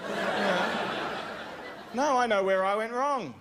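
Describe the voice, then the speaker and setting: An Australian man doing a stand-up comedy set on a club stage, chatty and animated, slipping into put-on voices for his bits. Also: high voice, takes it slowly, pauses often.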